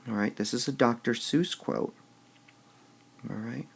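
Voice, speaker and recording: A man teaching poetic meter in a recorded lesson, slowly sounding out syllables and muttering to himself as he marks the stresses. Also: medium pitch, gravelly, husky. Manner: slow and deliberate, sounding out stressed syllables, drops to a mutter when writing.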